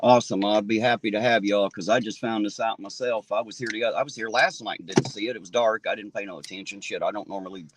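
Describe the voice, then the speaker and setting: A man's voice: lowish voice, steady tone, fast talker, few pauses, slight background noise. A man livestreaming from a town street on a phone, ranting angrily and swearing heavily. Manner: swears heavily, indignant and fired up. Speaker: livestream host. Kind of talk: angry livestream rant.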